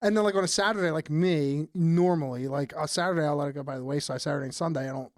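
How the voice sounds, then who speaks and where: A man co-hosting a podcast in casual chat, rambling and animated. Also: a little high, fast talker, no echo, clean studio sound. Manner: animated, rambling, laughs often. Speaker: podcast co-host.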